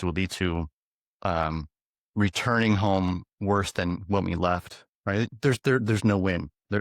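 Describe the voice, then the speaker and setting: A fairly low-voiced man from the US East Coast tells stories as a guest in a relaxed interview. He talks in an animated way and chuckles easily. The recording is dry and close, with no room sound. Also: no room sound. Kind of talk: casual interview storytelling.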